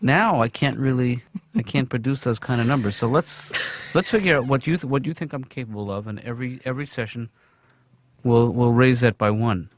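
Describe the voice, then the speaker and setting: A man in a casual comic exchange, talking haltingly and making fun of himself. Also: mid-range voice, no echo, dull audio. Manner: hesitant, halting, self-deprecating.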